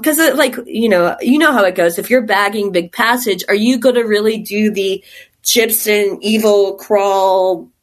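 A woman's voice: mid-range voice, gravelly. A woman from Texas, a caver, telling stories in a rambling, chatty way during a casual interview, laughing often. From Texas, USA. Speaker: guest caver.

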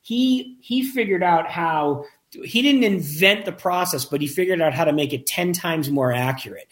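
A man telling a lively anecdote about making a documentary, acting out the quoted dialogue and often restarting his sentences. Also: fairly high pitch, normal speed. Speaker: documentary filmmaker. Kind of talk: casual storytelling in an interview.

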